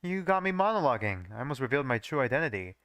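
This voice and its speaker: A man's voice: mid-range voice, big pitch swings, rapid-fire, fairly bright tone, no room sound. A man voicing a secretive young man who hides his true identity, reading his own fanfiction aloud. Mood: calm.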